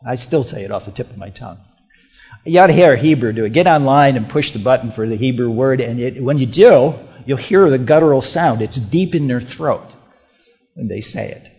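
A man preaching a sermon in a church, emphatic and repetitive, swinging between loud declarations and hushed asides. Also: medium pitch, brisk. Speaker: pastor. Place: church sanctuary. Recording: muffled, with long hall reverb.

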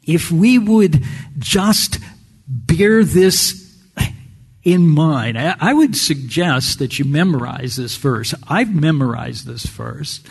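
A man preaching a sermon in a slow, folksy storytelling way, often clearing his throat. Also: a little high, long reverb tail.

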